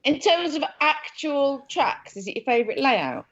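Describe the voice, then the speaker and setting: A woman presenter telling lively, teasing stories in a casual chat with friends. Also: high voice, normal speed. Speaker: TV presenter and guest. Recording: dull lo-fi podcast audio.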